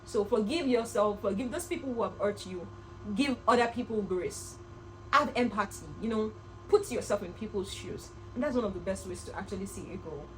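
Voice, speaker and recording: A young woman in her twenties, a vlogger telling a personal story to camera in an earnest, animated way. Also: medium pitch, fairly quick, a little hiss or hum, rough recording. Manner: earnest, animated, with laughs and reenacted quotes.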